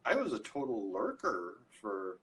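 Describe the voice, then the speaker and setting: A man chatting as a guest on a live video interview, telling funny stories in an animated way. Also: fairly low pitch, a little slow, slight background noise, poor audio. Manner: animated storyteller, self-deprecating jokes. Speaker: interview guest, recipe creator. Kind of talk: casual chat on a live stream. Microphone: phone or computer mic on a video call.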